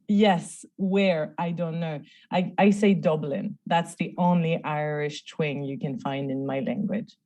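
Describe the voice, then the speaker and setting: A woman whose first language is French speaks English with a light French accent, her voice low and mellow. She chats as a guest, spinning stories and laughing often. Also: lo-fi sound. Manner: laughing, lively storyteller. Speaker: guest researcher. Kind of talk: casual conversation.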